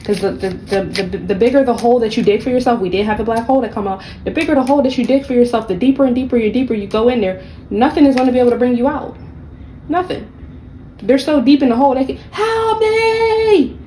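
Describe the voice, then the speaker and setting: A woman's voice: on the high side, racing, warm tone, slight background noise, poor audio. A woman giving a casual tarot reading, blunt and profane, with sassy, mocking asides. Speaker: tarot reader.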